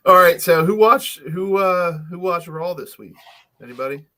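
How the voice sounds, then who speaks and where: A man's voice: high-pitched, bright, forceful tone. A man co-hosting a casual podcast, talking in a rambling way with many fillers and restarts. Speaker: podcast co-host.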